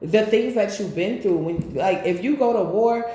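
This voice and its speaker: A woman giving a casual spiritual tarot reading, rambling and animated, with preachy asides. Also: medium pitch, normal speed, roomy sound. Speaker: tarot reader.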